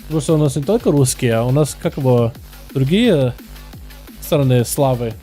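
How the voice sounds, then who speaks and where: A man streaming live, chatting with his viewers and commentating game duels in an energetic, hyped way. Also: medium pitch, brisk, faint music behind.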